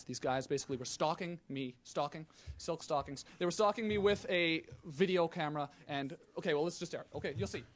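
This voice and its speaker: A man hosting a comedy show, talking in a silly, playful, whiny way. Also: fairly high pitch. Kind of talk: goofy studio banter and street pranks.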